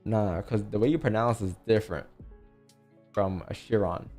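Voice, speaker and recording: A man hosting a casual livestream, coaching viewers with rapid rhetorical questions. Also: on the low side, mellow, faint music behind. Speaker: livestream trading host.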